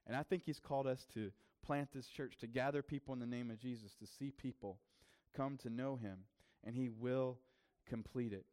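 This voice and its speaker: A man's voice: medium pitch, moderate pace, darkish tone. Guy preaching, casual chatty sermon, lots of ums and false starts. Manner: casual, conversational preaching with fillers and restarts. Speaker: pastor.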